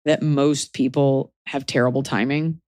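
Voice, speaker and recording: A woman's voice: a bass voice, steady tone, darkish tone, no echo, studio quality. A woman hosting a podcast, giving advice in casual chat with a wry, opinionated delivery. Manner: wry and opinionated, slips into quick mock voices. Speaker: podcast host.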